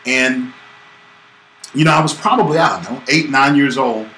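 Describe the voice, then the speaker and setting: A man's voice: medium pitch, moderate pace. A man from Georgia in the United States, talking casually to teach business skills and acting out voices as he tells a story. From Georgia, USA. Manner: animated, acts out voices in stories. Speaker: business coach host. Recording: echoey room with faint ambience.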